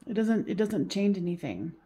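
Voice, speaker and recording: A woman talking as a psychic medium through a solo reading, halting and repeating phrases, soothing and coaxing as she goes. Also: mid-range voice, very animated, warm tone.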